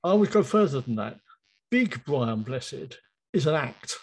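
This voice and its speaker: A man's voice: mid-range voice, very animated, a little slow, a little mellow, poor audio. A man, a writer and podcast guest, speaking thoughtfully and repeating key phrases. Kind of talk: interview conversation.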